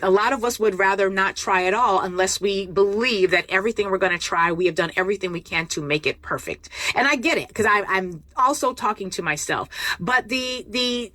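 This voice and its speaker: Bright-voiced woman hosting a reflective talk. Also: medium pitch, no echo. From United States. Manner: thoughtful, self-deprecating, with restarts and laughs. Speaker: host.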